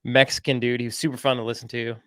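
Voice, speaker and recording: A man's voice: medium pitch, little pitch movement, fast talker, sharp tone, dry recording. A man hosting a podcast, telling a story in a casual, rambling way, full of "like" and "right?". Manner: chatty, rambling, lots of "like" and "right?". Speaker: podcast host.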